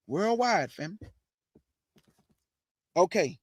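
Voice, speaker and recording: Guy preaching prophecy, kinda high voice, answers his own questions, dry close sound. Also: lively intonation, normal speed, fairly bright tone, dry recording. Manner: preachy, calls audience family, answers imagined questions. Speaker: online preacher, show host. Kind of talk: street-style sermon on prophecy.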